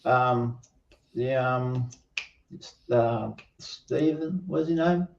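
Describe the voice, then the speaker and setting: A man's voice: medium pitch, very slow, gravelly, darkish tone, muffled recording. A man on a live panel chat, bluntly scolding and often trailing off mid-sentence. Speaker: panel guest.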